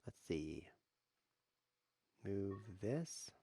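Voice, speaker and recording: A man streaming online chess, talking in a playful, rambling way with deadpan jokes as he plays. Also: low voice, very slow, gravelly. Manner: jokey, rambling deadpan asides. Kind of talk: playful live commentary while playing.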